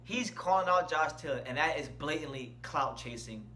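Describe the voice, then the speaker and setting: A man's voice: on the high side, expressive, normal speed, sharp tone, slight background noise. A man hosting a casual boxing channel, giving opinionated commentary and stressing key words, speaking from an indoor room. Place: indoor room with shirts on the wall.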